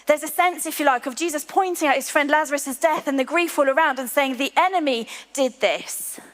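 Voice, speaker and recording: High-voiced woman preaching in a reverberant hall. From England. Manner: earnest, slows to a hush on key lines. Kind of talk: sermon. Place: large church hall.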